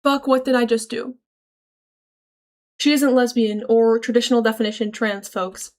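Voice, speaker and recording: A woman's voice: a little high, steady tone, normal speed, darkish tone. A woman streamer chatting casually and reacting aloud as she reads her chat, swearing freely and laughing often. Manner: chatty, reacts aloud while reading messages. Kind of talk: casual livestream chat reading.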